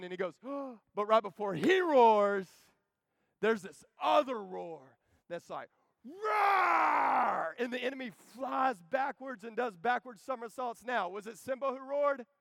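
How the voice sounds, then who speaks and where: Brief: man in his thirties, lively camp sermon, high voice, dry close sound. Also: gravelly, no echo. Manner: joking, animated, calls to the crowd. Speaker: preacher.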